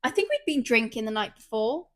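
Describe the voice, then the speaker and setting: Animated woman telling stories. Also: fairly high pitch, a little fast. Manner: animated storyteller, swears, acts out quotes loudly. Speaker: podcast host. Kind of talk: casual chat.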